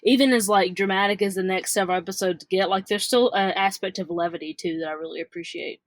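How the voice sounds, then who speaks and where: Fast-talking woman podcast co-host, dry sound. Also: medium pitch, steady tone, dry recording. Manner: brief agreeing interjections. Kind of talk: casual recap chat.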